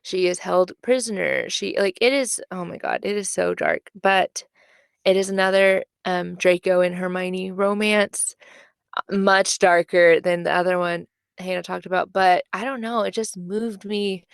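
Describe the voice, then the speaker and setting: A young woman talks through her favorite books in a loose, filler-filled, emphatic way, like a podcast co-host. Her voice has a gravelly fry yet stays smooth and resonant. The recording is close and dry. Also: medium pitch, fairly even intonation, moderate pace, dry recording. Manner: chatty, filler-heavy, emphatic. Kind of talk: casual book chat.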